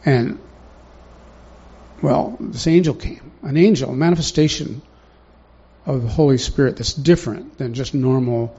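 A man's voice: medium pitch, measured pace, mellow, husky. A man preaching a sermon in a conversational way, often putting questions to the congregation, in a dull lo-fi recording.

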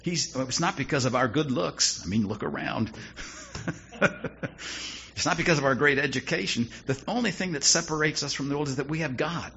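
A man's voice: on the high side, a little fast, creaky, sharp tone. A man preaching a sermon in a conversational style, with wry asides and rising emphasis. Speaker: pastor. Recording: dull lo-fi sound with faint noise.

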